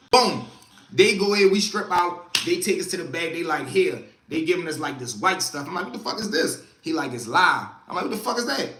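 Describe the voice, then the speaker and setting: A young man tells a story to his live chat, animated and loose, slipping into other people's voices as the tale rolls on. His voice sits a bit high and sounds bright and forceful. The room around him is echoey. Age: young adult. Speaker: livestream storyteller.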